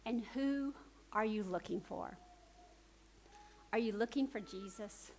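A woman preacher retelling a story in a sermon, swinging from urgent, animated telling to hushed, soft emphasis. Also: medium pitch, slow, slight background noise, poor audio.

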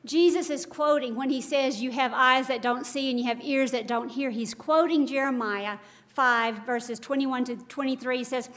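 Woman, high-pitched, devotional Bible teaching, earnest, emphatic rhetorical questions. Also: moderate pace.

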